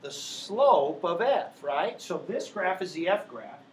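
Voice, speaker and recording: A man's voice: high-pitched, very animated, slow. A man teaching a math class, walking patiently through each step and checking in with the students again and again. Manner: keeps checking in with students by asking "right?". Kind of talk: classroom lecture. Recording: echoey classroom with faint background noise.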